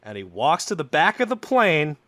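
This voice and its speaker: A man's voice: fairly high pitch, wildly swooping pitch, normal speed, sharp tone, dry recording. A man co-hosting a comedy podcast, telling a story in a loose, profane, laughing way.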